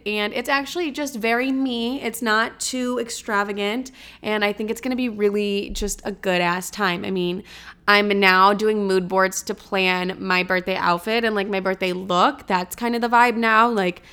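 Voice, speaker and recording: A young woman hosts a podcast alone, speaking at a normal pace in a medium-pitched voice that's steady, fairly bright, and clean. She is chatty and dramatic, curses freely, and relies on lots of fillers like "like."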